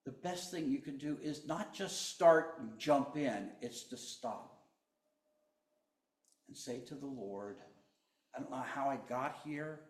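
A male pastor delivers a sermon at an unhurried, deliberate pace. His delivery swings from forceful emphasis to hushed near-whispers. The sound is roomy, with noticeable echo. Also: medium pitch.

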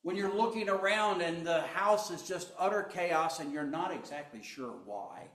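A man preaching a sermon, slow and deliberate, swinging between loud emphasis and hushed tones. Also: high voice, echoey room. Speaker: pastor.

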